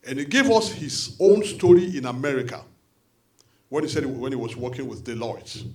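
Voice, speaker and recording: A man with a Nigerian accent addresses a forum meeting in an animated, conversational way, with quick asides. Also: mid-range voice, breathy edge. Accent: Nigerian English. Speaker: diaspora party official addressing a support forum.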